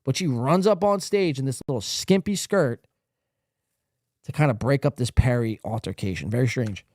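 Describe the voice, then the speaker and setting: A man's voice: mid-range voice, normal speed, darkish tone, no echo, studio quality. A man hosting a podcast, commenting casually on clips in a crude, rambling way with plenty of swearing. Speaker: podcast host.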